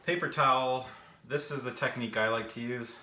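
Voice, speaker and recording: A man's voice: medium pitch, fairly even intonation, a little fast, sharp tone. A young man chatting casually on a livestream while working, out of breath and rambling with fillers. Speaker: gaming vlogger answering live chat. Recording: echoey room, faint background noise.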